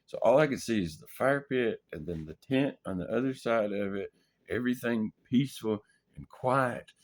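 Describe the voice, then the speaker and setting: A man's voice: medium pitch, normal speed. A young man casually telling a wild story from his army days, laughing, swearing and acting out his own panicked thoughts. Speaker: vlogger.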